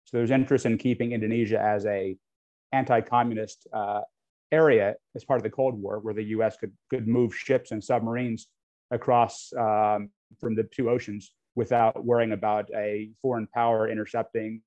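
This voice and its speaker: A man's voice: on the low side, level tone, normal speed, a little mellow. American guy talking policy off the cuff, lots of ums, kinda dull lo-fi sound. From United States. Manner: frank, hesitant, with many ums and restarts. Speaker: guest speaker on US-Indonesia relations. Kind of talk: unscripted lecture talk. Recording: dull lo-fi audio.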